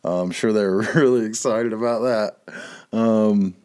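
A man's voice: medium pitch, normal speed, a little mellow, smooth. Profane rambling man. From North Carolina, USA. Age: middle-aged. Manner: profane, rambling, laughs at his own jokes. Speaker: podcast host. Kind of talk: casual monologue.

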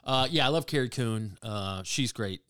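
A man's voice: mid-range voice, normal speed, a bit bright, smooth, dry recording. A man co-hosting a podcast, bantering in a dry, teasing way with casual swearing. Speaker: podcast co-host. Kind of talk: casual chat.

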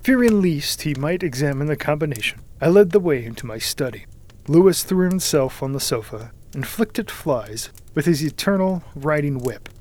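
A man reading a first-person story aloud in a measured, dramatic manner, sometimes sinking to a hushed whisper. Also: a little high, animated. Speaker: audiobook narrator. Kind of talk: scripted first-person narration.

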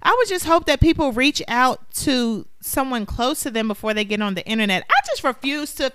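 A woman co-hosting a podcast, talking in a casual, animated and opinionated way. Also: sits high, brisk, smooth, no room sound, studio quality. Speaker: podcast co-host. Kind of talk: casual chat.

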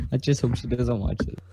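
A man's voice: mid-range voice, a little mellow. A teenage boy co-hosting a casual podcast, interjecting and teasing his friend. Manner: interjecting and teasing, often laughing. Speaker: podcast co-host. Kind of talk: casual chat.

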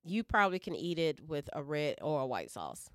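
Low-voiced expressive woman chatting. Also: normal speed, no echo, clean studio sound. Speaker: podcast co-host. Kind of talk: casual chat. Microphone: headphones with mic on a call.

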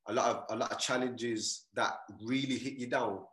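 Guy in his late 20s, mid-pitch, animated storyteller, echoey room. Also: moderate pace. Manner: animated storyteller, keeps asking "you get me". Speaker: guest, mindset coach. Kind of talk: casual podcast chat.

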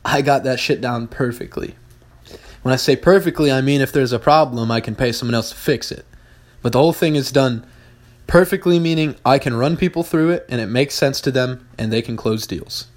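A man's voice: mid-range voice, a little fast. Blunt, profane man talking business. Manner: blunt, profane, emphatic repetition. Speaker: podcast host, business owner. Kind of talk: casual podcast monologue.

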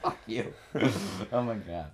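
A man with a fairly low voice co-hosts a comedy podcast, needling his partner with jokes. His talk is loose and playful, breaking into sudden loud bursts. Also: slow pace. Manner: teasing, jokey, sudden loud outbursts. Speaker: podcast co-host. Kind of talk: casual comedic banter.

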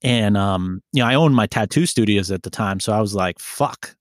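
A man's voice: lowish voice, a little fast, no echo, clean studio sound. A man telling a rambling, profane story in casual chat. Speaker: podcast co-host telling a story.

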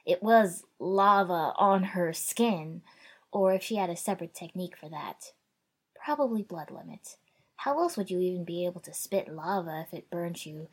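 Woman, audiobook narrator, husky voice, wry conversational first-person fan fiction reading, shouts the dialogue. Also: lowish voice, moderate pace.

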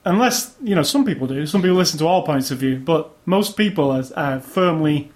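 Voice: medium pitch, animated, a little fast. A co-host in a casual chat who talks hesitantly, often trailing off and restarting.

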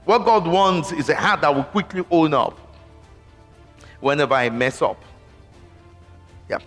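A man preaching a sermon slowly and emphatically, with repeated interjections of praise. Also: fairly high pitch, expressive, fairly bright tone. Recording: long hall reverb with faint music.

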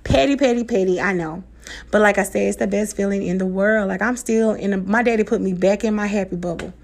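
A woman's voice: medium pitch, level tone, fast talker, vocal fry. A woman in her thirties with a Black American vernacular accent, talking straight to her listeners in a loose podcast rant. She is candid and emotional, swears freely and laughs often, in a mid-range voice. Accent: African American Vernacular English. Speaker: podcast host. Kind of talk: casual personal podcast monologue.

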